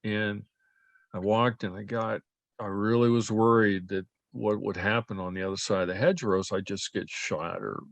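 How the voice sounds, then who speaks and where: An older man recounting family history in an oral history interview, speaking haltingly with frequent fillers and restarts. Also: on the low side, creaky, no echo.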